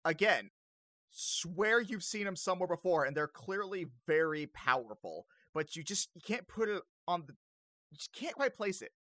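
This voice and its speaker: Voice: mid-range voice, sing-song, moderate pace, fairly bright tone, no room sound. A game master narrating a tabletop game, rambling with lots of fillers.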